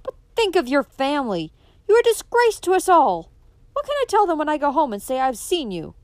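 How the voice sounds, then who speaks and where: A woman's voice: lowish voice, brisk, a little mellow, dry recording, lightly acted. A woman reading the part of a proud, domineering older father who speaks coldly and storms in anger. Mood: furious. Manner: cold, then storming in rage.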